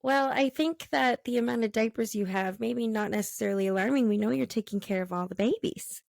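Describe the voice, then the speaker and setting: A woman in her thirties hosts the conversation, mixing easy agreement, light laughs and questions. Her voice has a noticeably gravelly, fry-laced edge. The sound is close and dry. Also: on the high side, a little fast, dry recording. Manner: warm agreeing interjections, laughs often, asks questions. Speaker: podcast host. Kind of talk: casual interview chat.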